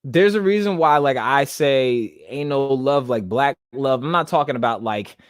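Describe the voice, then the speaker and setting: A man's voice: mid-range voice, animated, normal speed, no room sound, clean studio sound. A young man hosting a podcast monologue, rambling with many restarts and holding back tears. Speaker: podcast host. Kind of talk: casual monologue.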